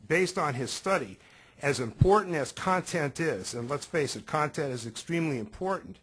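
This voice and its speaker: Slightly husky male webinar host. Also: mid-range voice, a bit bright, rough recording. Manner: measured presenter citing statistics. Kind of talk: instructional webinar talk. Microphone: professional microphone.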